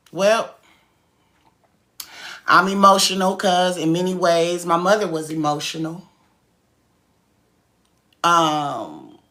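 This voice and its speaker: Speaking in a lowish, sharp voice, a cookie business owner and speaker gives a casual motivational talk. She's emphatic and preachy, hammering her points again and again in slangy, everyday language.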